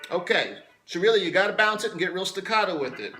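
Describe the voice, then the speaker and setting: A man teaching a guitar lesson, explaining step by step in a relaxed way, with guitar playing between his phrases. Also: sits high, fast talker, poor audio.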